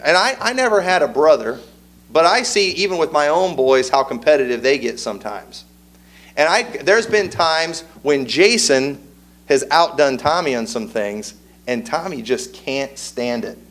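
A man's voice: fairly high pitch, fairly bright tone. A man preaching a sermon as pastor, telling a folksy family story and then pressing his point with rising emphasis. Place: church.

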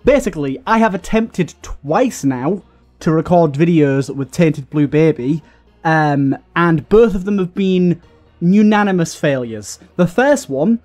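A man's voice: fairly high pitch, animated, measured pace, darkish tone, faint music behind. A young man giving casual, rambling let's-play commentary while playing, exasperated and restarting often, with lots of fillers. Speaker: gaming YouTuber.

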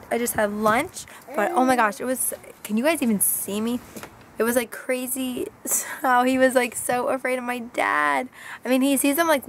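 Hoarse-voiced young mom vlogger, chatty, rambling, high-pitched, handheld camera at home. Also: female voice, a little hiss or hum. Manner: chatty and rambling, with many asides. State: hoarse, losing her voice. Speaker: family vlogger, mother of a baby. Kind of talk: casual vlog chat to camera.

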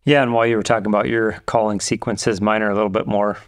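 Gravelly low-voiced man recalling a hunt. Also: fast talker. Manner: relaxed recollection with fillers. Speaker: podcast co-host. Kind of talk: casual chat.

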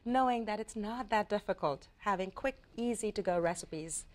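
A woman's voice: medium pitch, moderate pace. A woman appearing as a guest chef on a cooking show, explaining recipes in a friendly way.

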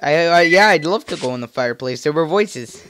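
Fairly quick and animated, this man's voice is on the high side with a bit of brightness. As a let's play gamer, he comments casually on his game over background music, rambling playfully and tossing in jokey asides.

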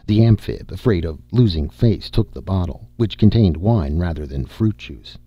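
A man narrating a science fiction audiobook in a steady, measured reading. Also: deep voice, slightly rough, no echo, muffled recording.

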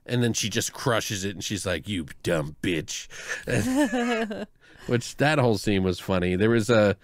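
A man's voice: on the low side, fairly quick, no room sound, studio quality. Rambling, laughing podcast guy. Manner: rambling, laughs often, swears, mimics characters. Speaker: podcast co-host. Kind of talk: casual movie review chat.

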